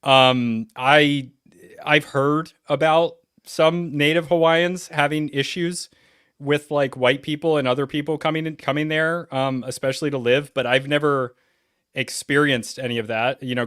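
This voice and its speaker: A man's voice: medium pitch, fairly even intonation, moderate pace, fairly bright tone, smooth, dry recording, clean studio sound. A man hosting a reaction video, talking casually and rambling with lots of "like" and fillers. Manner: rambling, heavy use of "like" and fillers. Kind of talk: casual commentary.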